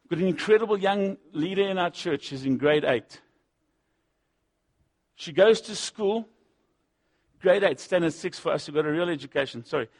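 A man preaching a sermon, swinging between loud punchy lines and low asides, acting out the voices he quotes. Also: moderate pace, long pauses. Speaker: pastor.

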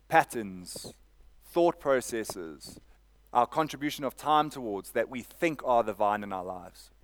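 Preaching man. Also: medium pitch. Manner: preaching with call-and-response "Amen?" and repetition. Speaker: pastor. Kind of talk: sermon.

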